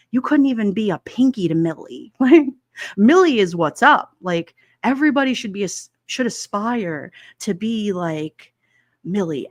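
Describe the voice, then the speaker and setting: A woman in her forties talking in a loose, rambling way, packing her sentences with fillers and little laughs. Her voice sits at a middling pitch and sounds close and dry, with no room around it. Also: dry recording. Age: 40s. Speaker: livestream host. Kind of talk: casual chat.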